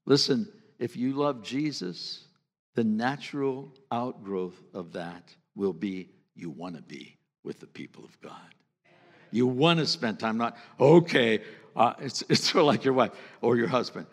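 A pastor giving a sermon in a church, talking in an earnest, conversational way that sometimes drops to a hush. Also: male voice, medium pitch, unhurried. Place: church sanctuary. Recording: long reverb of a church hall.

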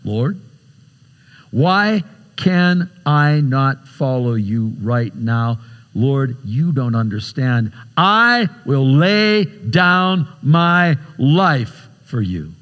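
A man's voice: medium pitch, sing-song, very slow, big-room sound, muffled recording. A man voicing the disciple Peter as an impulsive, defensive man, insistent in tone.

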